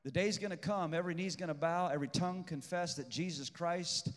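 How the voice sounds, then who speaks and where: A man preaching a sermon as pastor, swinging between shouted peaks and hushed intensity and repeating phrases for emphasis. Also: a little high, fairly quick, big-room sound.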